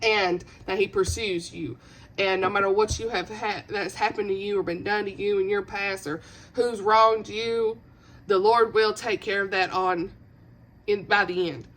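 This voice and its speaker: A woman's voice: mid-range voice, fairly even intonation, a little slow, a bit bright. A woman chatting in a reading vlog, emotional and gushing, laughing through tears. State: teary, voice breaking. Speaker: book vlogger. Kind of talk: casual reading vlog chat.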